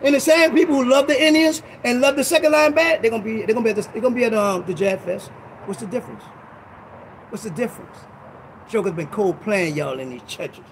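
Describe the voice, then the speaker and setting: A man's voice: high voice, fast, a little hiss or hum, rough recording. A man preaching a confrontational, informal sermon as pastor, full of street talk and rhetorical questions.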